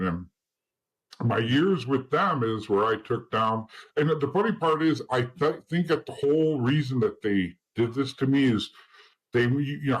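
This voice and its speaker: A man's voice: medium pitch, breathy edge, low-quality recording. A man, an interview guest, telling his story in a blunt, profane, rambling way. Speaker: interview guest, former informant.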